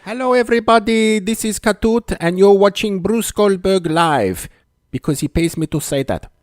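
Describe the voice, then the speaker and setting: Cheeky high-voiced announcer, put on by a man. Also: lively intonation, normal speed, no echo, studio quality. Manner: sly, mock-formal announcing. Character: cheeky male sidekick announcer.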